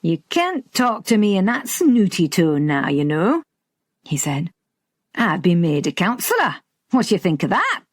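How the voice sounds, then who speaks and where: A woman's voice: lowish voice, sing-song, unhurried, no echo, clean studio sound. A woman reading an audiobook, voicing a blunt, teasing older man from Yorkshire with a Yorkshire accent. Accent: Yorkshire, as put on. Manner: bluff, teasing, plain-spoken.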